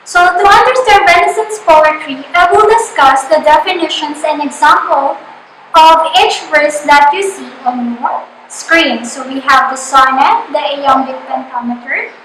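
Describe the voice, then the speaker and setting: A woman teacher with a Filipino accent giving a slow, deliberate online lesson, sounding out her examples. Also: high-pitched, a bit bright. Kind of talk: online lecture. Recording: echoey room with faint noise.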